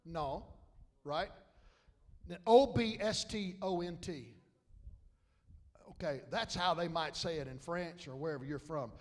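A man preaching a sermon as pastor, with loud rises and cries of amen and hallelujah. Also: on the high side, measured pace, long pauses. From South Louisiana.

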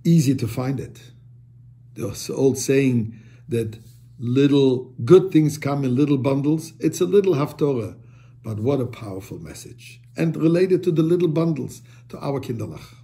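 A man's voice: medium pitch, expressive, moderate pace, gravelly, dark tone. A man, a rabbi, giving an earnest short sermon, rising and falling as he stresses points and mixing in Hebrew and Yiddish terms. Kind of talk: short sermon on the weekly reading.

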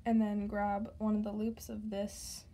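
A woman walking the viewer step by step through a craft tutorial, speaking chattily straight to them, stumbling over words now and then, her voice slightly hoarse. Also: mid-range voice, completely flat delivery, a little slow, mellow.

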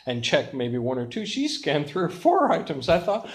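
An older man preaching a sermon as pastor, telling stories with lively, self-mocking humor. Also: a little high, moderate pace.

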